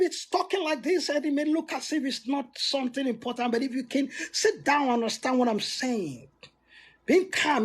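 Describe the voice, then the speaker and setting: High, husky, animated man giving a motivational talk. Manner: animated and emphatic, with sudden swoops and frequent restarts. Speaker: motivational speaker.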